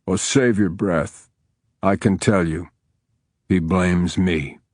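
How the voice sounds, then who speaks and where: A male audiobook narrator voicing a surly, guarded widowed lawman in a curt, gruff way. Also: low voice, takes it slowly, a little mellow, no echo, studio quality.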